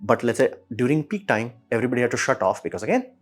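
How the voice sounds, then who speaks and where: A man hosting a casual explainer, talking bluntly in a ranting, sarcastic way with quick asides. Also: mid-range voice, big pitch swings. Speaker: host.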